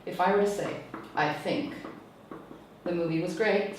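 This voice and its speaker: A woman teacher trainer talks through a lesson in a steady, explaining manner, often stopping to check with "okay?". Her voice sits somewhat low. She is recorded from a distance in a very echoey room with faint background noise. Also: unhurried. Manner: explains patiently, tags points with "okay?". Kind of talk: teacher tutorial lecture. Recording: echoey room, mic far off.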